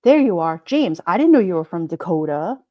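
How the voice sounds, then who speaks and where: A woman's voice: fairly low pitch, sing-song, a little fast, no room sound, lo-fi sound. A middle-aged woman with a New York accent, hosting a casual livestream and chatting with viewers as she reads their comments, joking and laughing often. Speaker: livestream host. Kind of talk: casual live chat reading comments.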